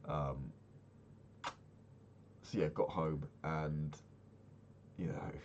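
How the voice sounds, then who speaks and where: A young man chatting casually while playing a game, rambling and swearing, sounding low and sad. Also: steady tone, drawn-out words, a little mellow, highs cut off, a little hiss or hum. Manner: swears often, rambling and candid. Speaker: Minecraft vlogger.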